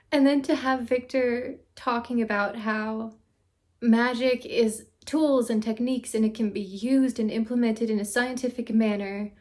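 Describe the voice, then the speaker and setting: A woman hosting a reaction video who reviews a TV episode in a casual, gushing, excitable way. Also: a little high.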